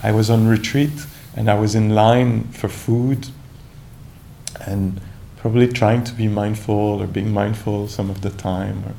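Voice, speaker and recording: A man giving a calm, reflective dharma talk as a meditation teacher, searching for words with many restarts and asides. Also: lowish voice, a little slow, creaky, slight background noise.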